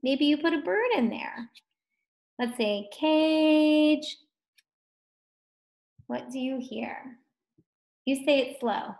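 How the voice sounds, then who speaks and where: A woman teaching first graders at a slow, patient pace, her voice sitting a little high. She draws out each word to sound it out and cheers the children on between words. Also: animated, creaky. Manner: drawn-out, sounding out words encouragingly. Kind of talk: slow, clear phonics lesson for young children. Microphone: distance-learning video recording.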